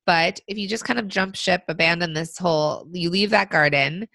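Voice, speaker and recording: A woman co-hosting a business podcast, giving casual advice with lots of fillers, her voice still rough from being sick. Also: on the low side, moderate pace, bright, forceful tone, no room sound. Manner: conversational, frequent fillers. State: recovering from illness. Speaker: podcast co-host.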